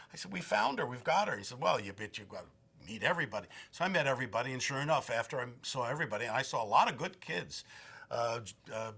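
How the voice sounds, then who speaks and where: A man's voice: mid-range voice, bright, forceful tone. A man in his sixties, a film director, giving rambling, effusive interview answers.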